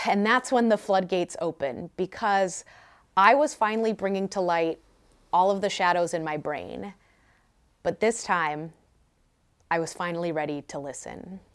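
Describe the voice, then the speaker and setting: A woman's voice: on the low side, measured pace, long pauses, clean tone. A young woman vlogger telling a personal story candidly, with self-mocking humor.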